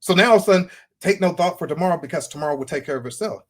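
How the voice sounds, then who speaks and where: A husky-voiced man hosts a podcast conversation, slipping into a fervent preaching cadence and circling back on his points. His voice sits a little high for a man. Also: expressive, rapid-fire, a bit bright. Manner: fervent, repetitive sermon-like delivery. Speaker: podcast host. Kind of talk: preaching-style podcast chat.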